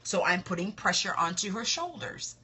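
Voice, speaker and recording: A woman's voice: medium pitch, very animated, moderate pace, pushed and bright, breathy edge. A woman, coaching other estheticians in casual live-stream talk, confident and emphatic, often repeating her points.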